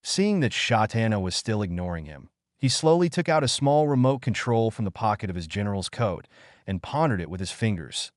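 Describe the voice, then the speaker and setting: A man's voice: lowish voice, sing-song, fairly quick, no echo, studio quality. A man narrating a fiction audiobook in a scripted, storytelling manner.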